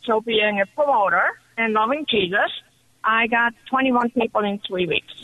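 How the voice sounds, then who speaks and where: A woman calling in to a radio show, telling her story in an excited, chatty way. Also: a little high, normal speed, dry recording. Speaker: caller. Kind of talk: call-in radio testimony. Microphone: telephone. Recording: muffled phone line.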